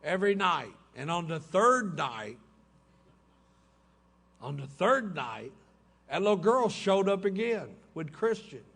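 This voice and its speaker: A middle-aged man shares his personal testimony at a recovery meeting in a hotel conference room, folksy and punctuated by laughing asides. His voice sits high and fairly bright, very animated yet slow, with vocal fry and long pauses.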